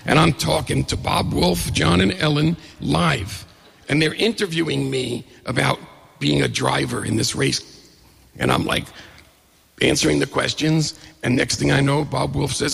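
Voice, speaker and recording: A middle-aged man telling a personal story to a live audience, a lively storyteller who acts out the other people in it. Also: mid-range voice, unhurried. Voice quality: gravelly, very husky voice. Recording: echoey hall reverb.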